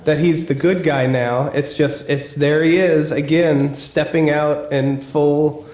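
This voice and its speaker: A man's voice: on the high side, fairly even intonation, slow, darkish tone, roomy sound. A man co-hosting a casual podcast, chatting enthusiastically with casual swearing. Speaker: podcast co-host. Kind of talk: casual chat.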